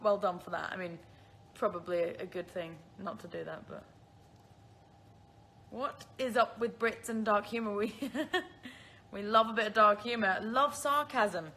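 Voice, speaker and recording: British girl in her 20s doing a live q&a on her phone, bright voice, giggly, bit of hiss. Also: mid-range voice, a little slow. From Isle of Man. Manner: chatty, self-deprecating, laughs often. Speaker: host answering viewer questions. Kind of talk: casual chat on a phone livestream.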